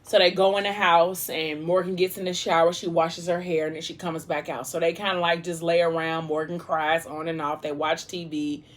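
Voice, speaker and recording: Lowish voiced woman chatting thru a book plot while she eats, lots of likes and you knows. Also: little pitch movement, normal speed, few pauses. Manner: rambling, heavy use of "like" and "you know". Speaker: mukbang vlogger retelling a novel. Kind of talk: casual chat while eating.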